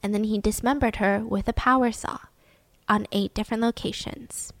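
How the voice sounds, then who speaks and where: A woman's voice: medium pitch, steady tone, normal speed, a bit bright, no echo. A woman hosting a podcast, telling a true-crime story in a casual, emphatic way with lots of "like". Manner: chatty, emphatic, full of "like". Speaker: podcast host.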